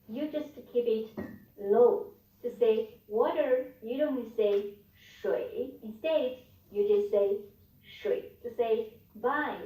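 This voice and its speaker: A woman explaining pronunciation in a calm, patient, step-by-step way. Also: sits high, reverberant, distant mic, rough recording. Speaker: language teacher. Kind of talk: instructional video explanation.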